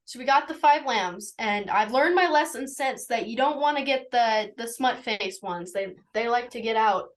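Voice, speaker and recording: A woman's voice: fairly high pitch, moderate pace, poor audio. A teenage girl telling a story casually as a guest, rambling and full of fillers like "like" and "anywho.". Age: teens. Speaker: young shepherd guest.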